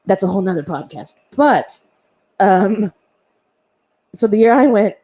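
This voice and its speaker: Woman with a mid-pitched voice, a chatty podcast guest who drifts into asides. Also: lively intonation, unhurried. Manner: rambling with asides and soft laughs. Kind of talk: casual podcast chat.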